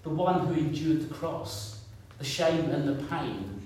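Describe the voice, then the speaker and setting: A man's voice: fairly high pitch, expressive, unhurried, darkish tone, a little hiss or hum. A man in his fifties preaching a sermon in a conversational way, repeating points and asking the congregation questions. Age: 50s. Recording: echoey room, picked up from a distance.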